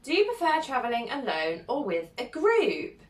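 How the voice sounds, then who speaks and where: A young woman, a content creator, chatting casually as she reads viewer questions aloud and answers them, giggling often and filling pauses with lots of ums. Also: sits high, wildly swooping pitch. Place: at home, sitting alone. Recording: roomy sound from a distant mic.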